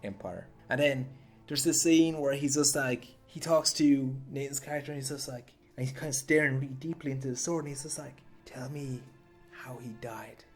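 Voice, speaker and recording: A man's voice: a little high, little pitch movement, a little fast, soft background music. A man hosting a comedic film commentary series, chatting casually in a rambling, slangy way that often repeats itself.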